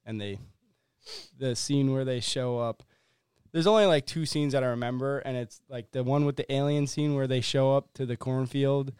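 A man's voice: mid-range voice, steady tone, normal speed, a little mellow, smooth, dry recording, clean studio sound. A young man casually retelling a comedy movie to friends in a rambling way, full of fillers. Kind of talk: casual chat among friends.

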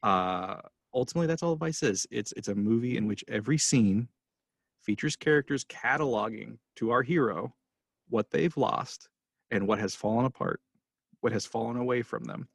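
A man's voice: medium pitch, moderate pace, vocal fry, slightly rough, dry recording. A man hosting a casual film podcast, talking passionately and rambling with restarts as he gets emotional. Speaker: podcast host.

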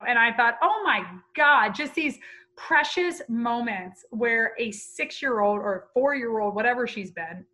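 A woman in her thirties talks openly as an interview guest. Her voice sits a little high, with a bright, forward tone. She speaks with feeling, telling personal stories plainly. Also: a little slow, low-quality recording. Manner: candid, heartfelt, storytelling. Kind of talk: emotional personal interview talk.

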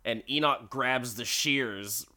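A man's voice: mid-range voice, sharp tone. A man casually recapping a story, swearing freely and laughing at it. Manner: laughs often, swears, slow and wry.

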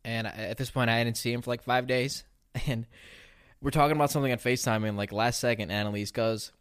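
A man co-hosting a casual chat, telling animated stories and swearing freely. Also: medium pitch, fast talker, clear, resonant tone, no room sound, clean studio sound. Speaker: podcast co-host.

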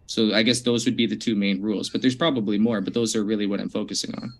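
A man in an online debate, defending his position in a relaxed, hesitant way. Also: fairly low pitch, fast talker.

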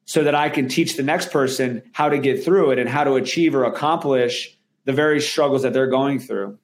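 A man's voice: medium pitch, fairly quick. Male guest; earnest, emphatic talker with frequent restarts. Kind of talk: candid interview conversation.

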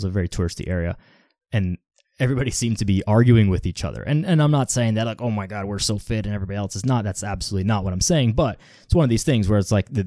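A man's voice: on the low side, mellow, no room sound, studio quality. A man hosting a fitness podcast, talking casually and rambling with lots of "like" fillers. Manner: rambling, heavy use of "like" fillers. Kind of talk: casual solo podcast talk.

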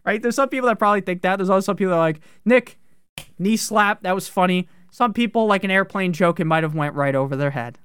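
A man talks through a sports podcast in loose, profane commentary, full of jokes. His voice is smooth and resonant. The sound is close and dry, with no room around it. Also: high-pitched, fairly bright tone, no echo. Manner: profane, joking, fast-talking. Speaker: fantasy football podcast host.

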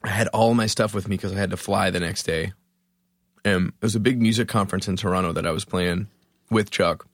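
Musician guest, male, from Philadelphia; low voice, dry close mic; lively and salty storyteller. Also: a little fast, dry recording. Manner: animated, profane, self-mocking storytelling. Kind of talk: storytelling in a podcast interview.

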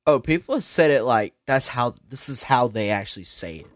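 A man's voice: medium pitch, expressive, fairly quick, dry recording, clean studio sound. A young man from South Carolina with a Southern accent, chatting as a guest on a podcast in a playful, joking manner. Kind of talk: casual chat.

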